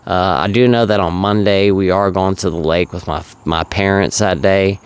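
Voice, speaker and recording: A man's voice: low voice, fairly even intonation, normal speed, clear, resonant tone, no room sound. A man in his thirties from South Carolina, talking casually and earnestly to his viewers, with lots of uhs and you-knows. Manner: rambling, earnest, filler-heavy. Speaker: recovery vlogger. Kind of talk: casual monologue to camera.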